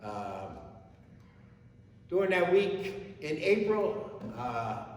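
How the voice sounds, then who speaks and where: A middle-aged man, a Gold Star father and founder, telling his story in halting, plain words and often restarting. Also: a little high, big pitch swings. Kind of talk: emotional personal testimony to an audience. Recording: echoey hall from far off, faint ambience.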